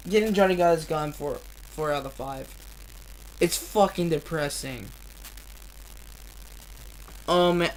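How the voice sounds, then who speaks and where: A woman reading a novel aloud on a live stream, earnest and deliberate, with blunt, profane asides between passages. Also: on the low side, expressive, rough recording. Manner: slow, earnest reading with frequent swearing in asides.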